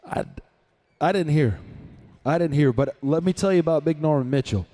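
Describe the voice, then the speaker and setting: A man announcing a rodeo live, his voice high and bright in pitch. He fires off punchy, hyped calls, sounding close and dry with no room echo. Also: expressive, normal speed.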